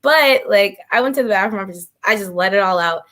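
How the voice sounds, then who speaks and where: A woman's voice: medium pitch, fairly quick, fairly bright tone. A teenage girl on a panel, chatty and candid, sharing a school story. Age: teens. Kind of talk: panel discussion.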